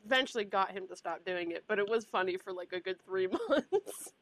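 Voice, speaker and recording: A woman's voice: mid-range voice, expressive, brisk, a bit bright. A woman co-hosting a podcast, telling rambling stories about her family in casual chat and laughing often. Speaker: podcast co-host.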